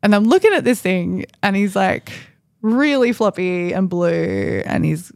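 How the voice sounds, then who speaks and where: A woman's voice: medium pitch, big pitch swings, unhurried, creaky, darkish tone, dry recording, clean studio sound. A woman, a podcast guest, telling a personal story in a chatty, rambling way with lots of fillers. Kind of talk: casual storytelling.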